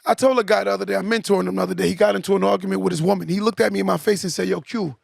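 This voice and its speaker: A man's voice: sits high, steady tone, racing, vocal fry, no echo, studio quality. A young man hosting a podcast, delivering a preachy motivational monologue and tagging points with "right?". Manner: preachy, repeats "right?" as a tag. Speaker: podcast host.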